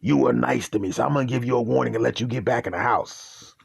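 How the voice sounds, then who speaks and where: A man voicing a male pit bull who calmly warns someone before attacking. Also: medium pitch, fast, vocal fry, breathy edge, no room sound. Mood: warning. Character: guard pit bull, stern but fair male dog.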